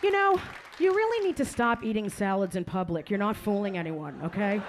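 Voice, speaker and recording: A woman's voice: mid-range voice, lively intonation, a little fast, a little hiss or hum. A woman comedian doing a stand-up set on a comedy club stage, brash and crude as she teases the crowd into a handheld mic.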